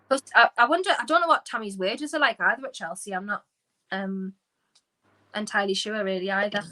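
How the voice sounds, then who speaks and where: Woman co-host, bright voice, casual opinionated football chat. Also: medium pitch, rough recording. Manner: animated, opinionated, quick asides. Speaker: podcast co-host.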